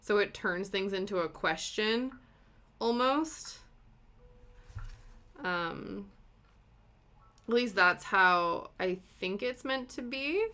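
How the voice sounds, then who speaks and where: This is a young woman with a British accent worn soft by long years in Canada. She is hosting a relaxed cross-stitch live stream. Her voice is bright and sunny, and her talk is rambling and chatty, full of fillers and quick laughs. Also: medium pitch. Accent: British, softened by long years in Canada. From Britain.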